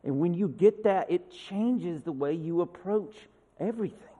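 A man delivers a sermon with a slightly higher-pitched voice. He talks conversationally, tossing in asides and rhetorical questions. His voice rings out with a long reverb, as in a large hall. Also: a little slow, mellow. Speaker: pastor.

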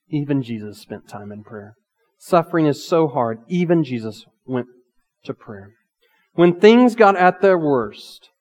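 A pastor delivering a sermon, reading scripture slowly and shifting between loud emphatic lines and hushed asides. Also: male voice, a little high. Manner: reads scripture aloud slowly and earnestly. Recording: long reverb of a large hall.

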